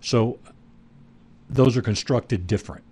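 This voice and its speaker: A man's voice: mid-range voice, measured pace, darkish tone, slightly rough. A man hosting a radio talk show, asking easygoing, rambling questions with plenty of fillers. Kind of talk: casual radio interview.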